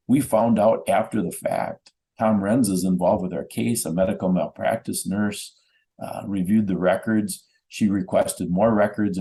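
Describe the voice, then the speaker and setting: A man's voice: low voice, creaky, warm tone, low-quality recording. A middle-aged man speaking as a guest in a radio interview, giving a methodical, earnest account that lists times and doses. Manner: earnest, insistent. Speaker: guest, bereaved father.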